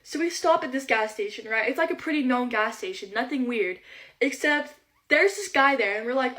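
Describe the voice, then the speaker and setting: High-voiced teen girl, chatty storytime. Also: moderate pace. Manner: chatty, animated retelling full of quoted dialogue. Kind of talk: casual storytime.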